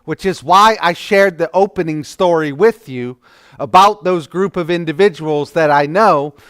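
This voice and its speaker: A man leads an adult church class in a relaxed, talky lecture. His voice sits high and moves slowly, with a smooth, resonant clarity. He often backs up and restarts mid-sentence, recorded close and dry. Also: no room sound. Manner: conversational, with stammered restarts.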